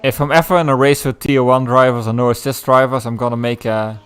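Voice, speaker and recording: A man's voice: mid-range voice, steady tone, quick pace, fairly bright tone. A man co-commentating an online racing stream, cracking jokes, laughing and reading out chat. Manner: joking, laughing, reads chat aloud. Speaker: race commentator. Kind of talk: casual sim racing commentary.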